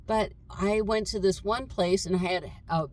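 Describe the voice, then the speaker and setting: A woman's voice: mid-range voice, fairly even intonation, moderate pace. A woman vlogging casually from inside her camper van, thinking aloud and meandering with lots of uh and um fillers. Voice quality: voice others compare to a chatty cartoon fish. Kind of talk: casual rambling chat to camera.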